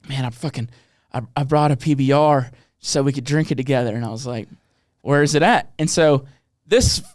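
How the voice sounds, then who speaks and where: A man hosting a podcast, telling a rambling story with lots of swearing and quick impressions of the people in it. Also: medium pitch, no room sound, studio quality. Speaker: podcast host. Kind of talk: casual chat.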